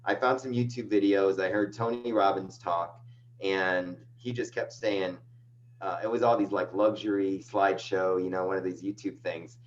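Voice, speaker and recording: A man's voice: low-pitched, steady tone, normal speed. A man guest on a casual video call interview, telling a long, rambling, self-deprecating story. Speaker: guest, agency owner. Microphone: video call microphone. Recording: dull lo-fi video call with faint hum.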